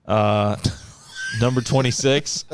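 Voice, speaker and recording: A man's voice: medium pitch, slow pace, slight background noise. A man co-hosting a podcast, reading out a countdown list in casual chat and laughing often. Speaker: podcast co-host.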